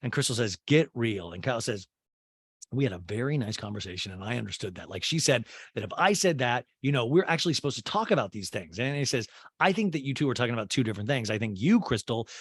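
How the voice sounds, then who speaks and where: A man's voice: medium pitch, a bit bright, husky, no echo, clean studio sound. A man hosting a comedy podcast, recapping a reality show with sarcastic, profane asides and exaggerated mimicked quotes. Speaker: podcast host.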